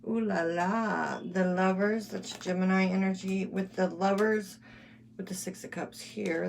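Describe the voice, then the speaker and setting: A woman's voice: medium pitch, fairly even intonation, a little slow, vocal fry. A woman giving a casual tarot reading, musing and thinking aloud as she lays out cards. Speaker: tarot reader. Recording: loud background noise.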